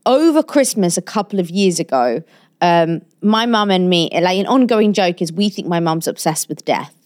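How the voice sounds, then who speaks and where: A woman's voice: on the low side, expressive, a little mellow, no room sound. Brief: female podcast co-host, gossipy, chatty, recorded close and dry. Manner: chatty, gossipy, quick asides. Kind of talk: casual chat.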